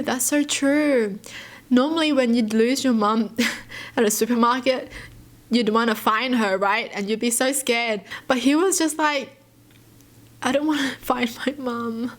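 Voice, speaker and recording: A fairly high-voiced woman reads short stories aloud on her channel and then talks them over. Her reactions are soft and sympathetic, with gasps, sighs and a chatty, filler-heavy flow. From Australia. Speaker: YouTuber.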